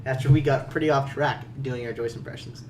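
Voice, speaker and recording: A man's voice: mid-range voice, fairly even intonation, a little fast, a little mellow, a little hiss or hum. A young man co-hosting a podcast in casual chat, rambling and joking, tacking "okay?" onto his points. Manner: rambling, jokey, saying "okay?" often. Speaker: podcast co-host.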